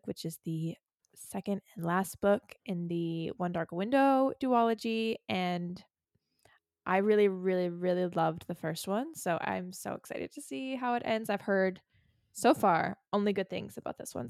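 An upbeat woman co-hosts a casual podcast chat, eager as she runs through her news. Her pitch is mid-range and the recording is close and dry. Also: darkish tone, dry recording. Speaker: podcast co-host.

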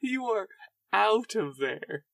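A man's voice: high-pitched, sing-song, gravelly, a bit bright, no room sound, recorded from a distance. A man running a tabletop game as game master, laughing often and restarting sentences. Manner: laughing often, restarts mid-sentence, puts on quick character voices.

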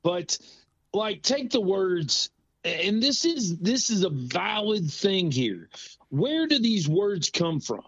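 A man's voice: sits high, very animated, slow pace, a bit bright, no echo, dull audio. A man co-hosting a casual, joking chat, sarcastic and fond of putting on silly voices. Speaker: podcast co-host.

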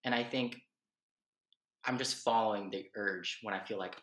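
A man's voice: on the low side, moderate pace, a bit bright. A man hosting a podcast, chatting casually in a rambling way and laughing easily. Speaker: podcast host. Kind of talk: casual chat. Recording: echoey room.

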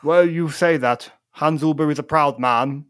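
A man voicing Santa Claus with a put-on Welsh accent, giving solemn, measured warnings. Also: a little high, no room sound, close to an everyday voice. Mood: grave.

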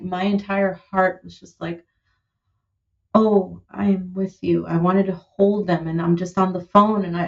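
A woman in her thirties, a musician being interviewed, talking in an animated, heartfelt way with lots of "like" and "you know". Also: fairly low pitch, highs cut off. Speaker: musician and producer, guest. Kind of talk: conversational interview.

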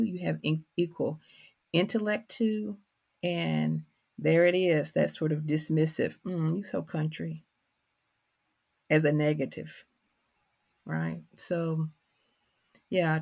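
A woman's voice: low-pitched, vocal fry. A middle-aged woman with a Kentucky accent, a poet and professor speaking thoughtfully in an interview, with frequent fillers and restarts. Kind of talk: reflective interview conversation.

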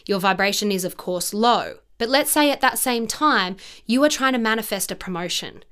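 A woman's voice: mid-range voice, animated, moderate pace, fairly bright tone, smooth. A woman hosting a podcast, talking casually and earnestly about self-worth and acting out quoted self-talk. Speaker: podcast host. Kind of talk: casual motivational monologue.

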